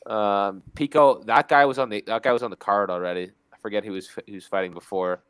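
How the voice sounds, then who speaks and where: Blunt, low-voiced man in casual chat. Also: fairly even intonation, fast, fairly bright tone, clear, resonant tone, no room sound. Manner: blunt, repeats himself, swears. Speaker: podcast co-host.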